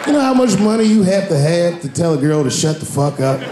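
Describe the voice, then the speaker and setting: A man's voice: fairly high pitch, expressive, fairly quick, over a noisy crowd, heavy background noise. A man doing stand-up comedy, telling a loose story with swearing and acted bits. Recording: roomy live stage recording with audience. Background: audience.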